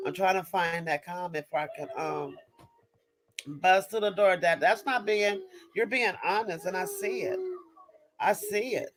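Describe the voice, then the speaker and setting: A woman's voice: fairly low pitch, expressive, measured pace, music in the background, poor audio. A woman hosting a live stream and answering viewer chat, ranting with emphatic, repetitive restarts. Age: adult mother of young kids. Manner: emphatic, repetitive, stops and restarts mid-sentence. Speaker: livestream host reading viewer chat. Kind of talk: impassioned live-stream rant.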